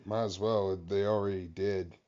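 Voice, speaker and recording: A man's voice: low-pitched, little pitch movement, normal speed, dark tone. A man co-hosting a podcast, chatting casually and rambling with loose profanity. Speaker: podcast co-host. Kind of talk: casual chat. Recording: dull lo-fi sound.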